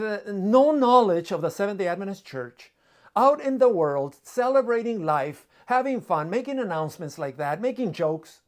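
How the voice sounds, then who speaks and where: A man preaching a sermon, telling a story dramatically, with repetition and pauses. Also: sits high, a little mellow.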